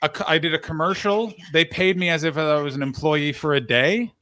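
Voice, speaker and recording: A man co-hosting a casual chat, telling animated, profane anecdotes full of quoted back-and-forth. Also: a little high, brisk, slight background noise. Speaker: podcast co-host, comedian.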